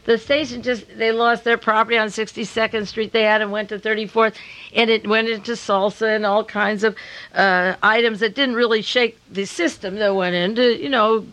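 An older woman hosting a radio talk show during a fundraiser, talking in long, rambling, emphatic runs and slowing down to hammer her points home. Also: a little high, steady tone, a bit bright, rough recording. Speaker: radio host.

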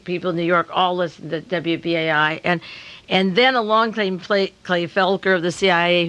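A woman's voice: lowish voice, a bit bright, highs cut off. Older woman ranting on talk radio. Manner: rapid, rambling and emphatic, slowing down to stress points. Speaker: radio host. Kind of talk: on-air radio talk during a fundraiser.

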